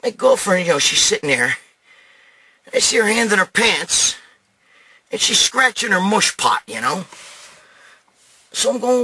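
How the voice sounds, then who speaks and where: A middle-aged male host with a slightly high, forceful voice that has a husky edge. He rants and tells stories in a brash, blunt, foul-mouthed way. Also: sing-song, a little slow, long pauses. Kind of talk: profane monologue rant and storytelling.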